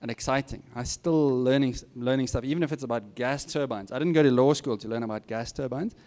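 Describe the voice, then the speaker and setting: A man's voice: mid-range voice, brisk, darkish tone. Candid, plain-spoken male speaker. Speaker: guest speaker. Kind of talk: informal advice talk to students.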